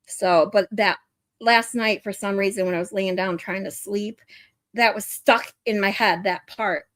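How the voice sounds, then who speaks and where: A woman's voice: medium pitch, fairly even intonation, measured pace, dry recording, clean studio sound. A woman hosting a livestream, chatting casually, laughing often and swearing freely. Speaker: livestream host. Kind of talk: casual chat, profane.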